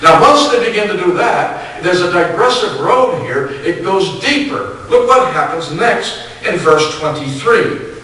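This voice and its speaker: A man's voice: high voice, lively intonation, a little slow, sharp tone, far from the mic. A man preaching a sermon to his congregation, reading scripture aloud and repeating phrases for emphasis. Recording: echoey hall, speaker off mic.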